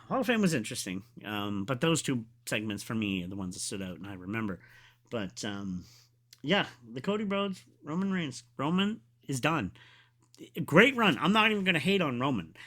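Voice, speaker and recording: Excitable man with a lively, bright voice. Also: mid-range voice. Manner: excitable, rambling, with many fillers and trailing restarts. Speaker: wrestling review host. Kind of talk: casual solo video review.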